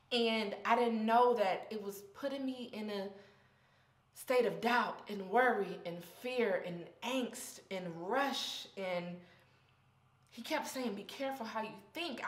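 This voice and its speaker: A woman's voice: medium pitch, reverberant. A young woman vlogging candidly about her faith, heartfelt and close to tears, in a casual, slangy way. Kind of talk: personal faith vlog.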